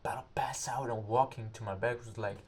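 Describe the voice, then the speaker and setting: This young English-speaking man has a steady, medium-pitched voice as he casually rambles through a story. He pauses haltingly while hunting for the right words and voices the quotes in a loud, acted-out way.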